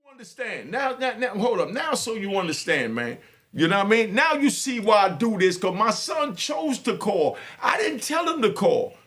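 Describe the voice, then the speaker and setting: A middle-aged man talking to his viewers with fervent, preaching passion and bursts of shouting. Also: high voice, very animated, normal speed. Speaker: host. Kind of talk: impassioned talk to viewers.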